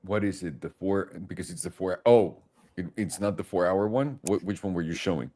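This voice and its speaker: A man's voice: sits low, fairly quick, warm tone. A man co-hosting a casual market stream, bantering and joking with his partner. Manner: jokey, laughing, swearing. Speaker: co-host.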